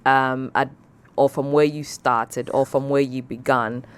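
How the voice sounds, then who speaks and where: A woman's voice: rumbling low, fairly even intonation, unhurried, clear, resonant tone. A woman hosting an interview, asking questions in a playful way and laughing often. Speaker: interviewer, host. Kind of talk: casual interview talk.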